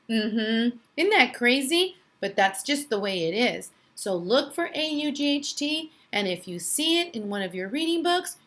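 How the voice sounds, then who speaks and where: A woman teaching young children phonics from home, in a sing-song, exaggerated teacher voice, spelling out letters slowly. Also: on the high side, a bit bright. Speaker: kindergarten teacher. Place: her home.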